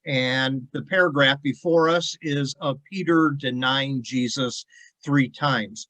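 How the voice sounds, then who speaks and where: A man's voice: a little high, a bit bright, rough recording. A man as a pastor giving an earnest devotional sermon and reading scripture, stressing points by repeating words. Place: church devotional video.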